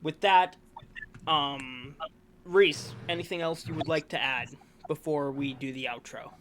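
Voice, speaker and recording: A man's voice: on the high side, unhurried, fairly bright tone. A man co-hosting a casual sports review, announcing award finalists in a rambling, self-correcting way while hiccuping. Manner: rambling, self-correcting, enthusiastic about players. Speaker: co-host presenting awards.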